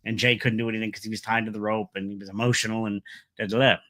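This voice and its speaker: A man's voice: fairly low pitch, little pitch movement, very fast, sharp tone, no room sound. A man casually recapping and ranting about a wrestling show, rambling with lots of fillers and strong opinions.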